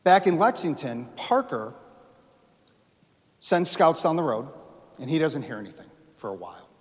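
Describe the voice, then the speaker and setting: A man giving a storytelling history lecture to a live audience in a lecture hall, animated, acting out quotes and asking the audience questions. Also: fairly high pitch, normal speed. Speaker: history speaker. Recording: reverberant hall.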